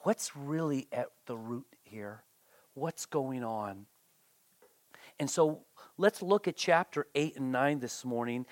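A pastor preaching a sermon in an animated way, often repeating words and briefly acting out the people quoted. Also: medium pitch, no room sound.

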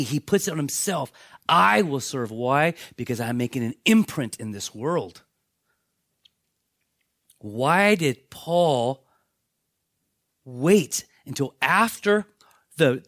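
A male pastor preaching with a slightly raised pitch, recorded dry and close. He tells Bible stories with animation and drops into the characters' voices. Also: no room sound. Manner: animated storytelling, acts out voices of biblical characters. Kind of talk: sermon.

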